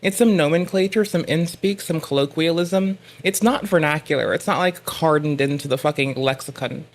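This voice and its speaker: A live streamer talks casually at a mid pitch. The delivery is loose and rambling and full of swearing. Punchy from too little sleep, they swing into mock-angry rants. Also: moderate pace. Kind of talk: casual livestream chatter.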